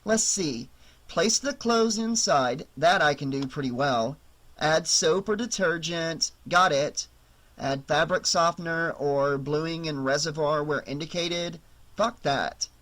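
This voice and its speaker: A man's voice: high voice, very animated, moderate pace, a bit bright, voice pushed up. A man voicing a wisecracking, sarcastic young woman babysitter in an audiobook, with a raised, lighter voice. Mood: muttering wry.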